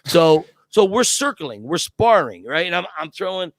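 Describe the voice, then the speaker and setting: A man from Scranton, Pennsylvania, a guest who tells stories excitedly, restarts often and acts out quotes. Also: on the high side, moderate pace, dry recording, studio quality. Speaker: guest, Rocky impersonator. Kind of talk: casual storytelling.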